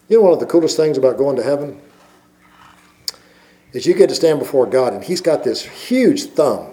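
A middle-aged male pastor preaching a sermon, full of rhetorical questions and swinging from loud emphasis to hushed asides. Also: medium pitch, lively intonation, moderate pace, long pauses, poor audio.

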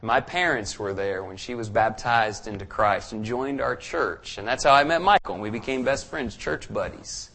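A man's voice: fairly low pitch, moderate pace, few pauses, fairly bright tone. A man preaching a sermon, telling a personal story earnestly and building to fervent emphasis.

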